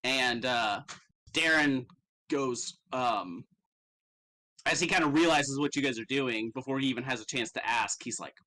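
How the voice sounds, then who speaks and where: Bright-voiced male game master. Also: medium pitch, unhurried, rough recording. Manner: casual, profane, laughs often. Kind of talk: narrating a tabletop game.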